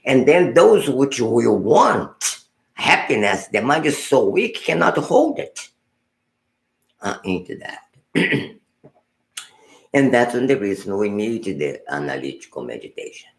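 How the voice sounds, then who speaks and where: A man giving a meditation teaching as a Buddhist teacher, unhurried and halting, repeating words and restarting phrases, often dropping to a soft murmur. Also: medium pitch, sing-song, gravelly, reverberant, low-quality recording.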